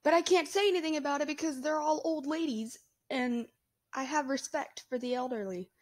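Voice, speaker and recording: Blunt, chatty young mom vlogger. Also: female voice, high voice, brisk. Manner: blunt, chatty, laughs often. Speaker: vlogger, mother. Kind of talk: casual to-camera chat.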